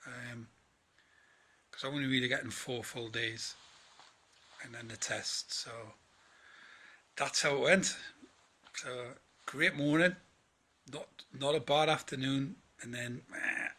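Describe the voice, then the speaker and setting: A man's voice: medium pitch, pushed and bright, husky. A man, rambling through a casual spoken diary and sounding tired. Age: 40s. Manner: rambling, chatty, quotes others in conversation. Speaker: vlogger.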